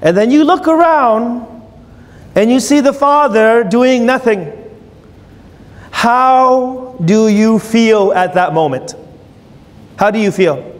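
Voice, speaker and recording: A man's voice: extremely high pitch, slow, long pauses. A man giving a sermon, telling a story and asking his listeners questions. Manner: storytelling, asks the audience questions. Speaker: preacher. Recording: long hall reverb.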